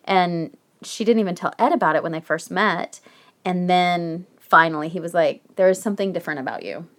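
Gravelly-voiced woman telling a ghost story. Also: fairly low pitch, brisk. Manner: chatty, animated, swears, laughs often. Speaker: podcast co-host telling a true paranormal story. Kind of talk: casual storytelling chat.

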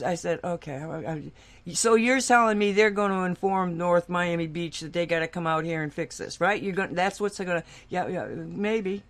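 A woman co-hosting a radio talk show tells a long anecdote in casual chat, laughing often. Her voice sits on the low side and moves at a normal speed, with a chatty storytelling manner.

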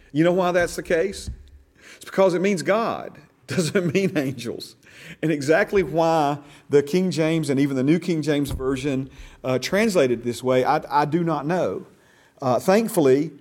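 A man's voice: medium pitch, darkish tone. A man teaching a church discipleship class, talking casually and animatedly, often restarting words and checking in with "okay?" and "amen?". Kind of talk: conversational Bible teaching. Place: church classroom, also streamed online.

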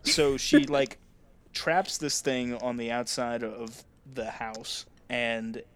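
A man's voice: medium pitch, fairly even intonation, slow, smooth. A young man co-hosting a casual book chat, laid-back and joking. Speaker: book club podcast co-host.

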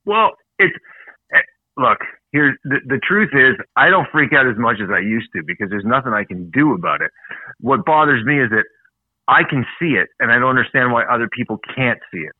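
A man's voice: medium pitch, lively intonation, fairly quick, no echo. Profane Canadian man ranting down a tinny line. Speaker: podcast co-host. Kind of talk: casual chat.

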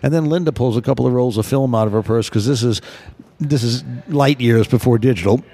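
Gravelly man telling stories. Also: medium pitch, brisk. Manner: animated anecdote teller, acts out quotes. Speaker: guest photographer. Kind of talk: casual storytelling.

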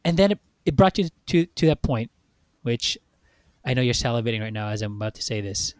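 Casting: male podcast co-host, loud profane rant, dry close sound. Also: mid-range voice, a little fast, clear, resonant tone, no room sound. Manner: animated, profane ranting. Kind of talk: casual chat.

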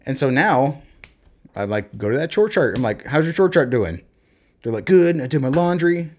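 A man in casual conversation, telling parenting stories and acting out talks with his kids in lively bursts. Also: mid-range voice, normal speed. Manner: animated storyteller, acts out talks with his kids. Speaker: podcast co-host, parent. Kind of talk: casual chat.

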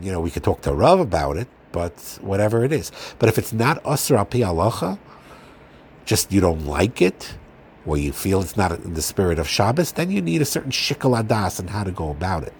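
Man, very low voice, informal religious lecture, earnest, halting fillers. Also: slight background noise. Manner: earnest, gentle, often pauses with fillers and restarts. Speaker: Torah teacher giving a marriage talk.

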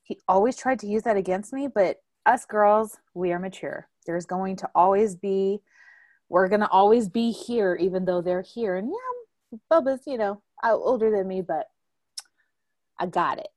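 A young adult podcast host leads a casual family conversation in a medium-pitched voice at a moderate pace, recorded dry with studio quality. She tells stories animatedly, laughs frequently, and belts out quotes.

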